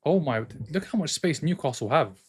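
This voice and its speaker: Brief: male streamer, slightly high voice, excitable live football reaction, trades banter with chat. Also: normal speed, slight background noise. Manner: excitable, jumps between commentary and arguing with chat. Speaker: streamer hosting a football watchalong.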